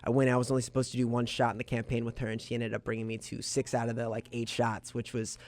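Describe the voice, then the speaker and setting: A young man in his twenties, a singer-songwriter guest in a radio studio interview, telling stories with animated quoted bits. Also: mid-range voice, quick pace. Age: 20s. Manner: animated storyteller, quotes others in lively bursts.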